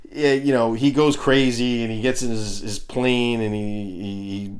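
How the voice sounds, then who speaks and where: A man's voice: mid-range voice, fairly even intonation, unhurried, hardly any pauses. A man in his fifties giving a crude, ranting comedic review of a cartoon.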